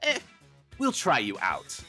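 A man's voice: medium pitch, huge pitch swings, takes it slowly, pushed and bright, faint music behind, heavily acted. A man doing a put-on German accent to play a cynical, sophisticated male restaurant general manager who speaks in a dry, dismissive way.

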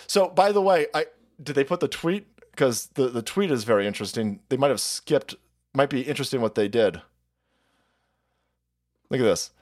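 A man hosting a political live stream, ranting in profane, mocking commentary that swings between shouts and low mutters. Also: lively intonation, moderate pace, long pauses.

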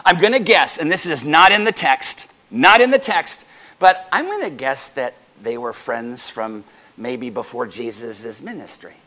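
A man pastor preaching a sermon to his congregation, animated and joking with them as he goes. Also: medium pitch, a little slow.

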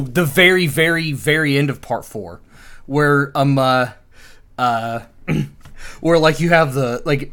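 A young adult man in casual chat, retelling a book scene with many ums and uhs and quick acted-out lines. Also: medium pitch, fairly bright tone. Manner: rambling retelling with many fillers, acting out dialogue.

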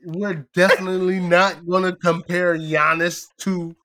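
A man hosting a casual chat with a friend, talking loud, profane and animated, often laughing. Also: sits high, measured pace. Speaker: podcast host.

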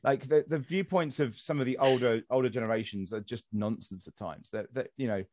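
A man's voice: medium pitch, fairly quick, darkish tone, dry recording, clean studio sound. A young man hosting a casual podcast chat, ranting and swearing freely as he talks. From England. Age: young adult. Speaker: podcast host.

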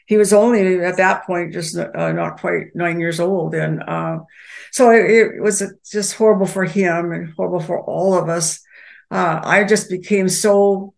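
Older woman with a gravelly voice. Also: fairly low pitch. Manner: halting, with many pauses and restarts. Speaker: guest. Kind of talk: personal storytelling.

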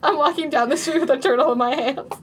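Woman podcast host telling a story, fairly high voice, lively, bit of faint noise. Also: fast talker. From Boston area. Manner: animated storyteller who puts on shrill voices for the people she quotes, laughs often. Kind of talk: casual chat, storytelling.

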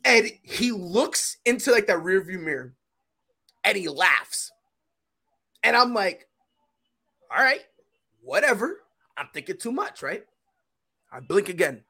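A young man hosting a podcast, telling a long story in casual chat, swinging from low mumbles to loud shouts. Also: sing-song, measured pace, long pauses. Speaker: podcast host.

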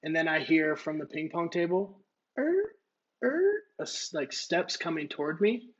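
A man's voice: fairly high pitch, steady tone, moderate pace, muffled recording. A man on a podcast telling a story in a casual, rambling way, swearing and using lots of filler words. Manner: rambling, profane, filler-heavy. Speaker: podcast co-host.

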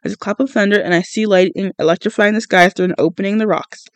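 A man with a high voice reads a novel aloud for his podcast. The sound is dry and close. He stumbles and corrects himself often, with no polish. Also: steady tone, fast, no echo. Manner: unpolished reading with frequent stumbles and self-corrections. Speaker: podcast reader.

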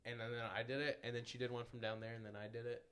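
A man's voice: medium pitch, flat delivery, rapid-fire, fairly bright tone, clean tone. A young man co-hosting a casual podcast, talking hesitantly and trailing off. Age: young adult. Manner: hesitant, trailing off, restarts a lot. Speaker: podcast co-host. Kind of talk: casual chat.

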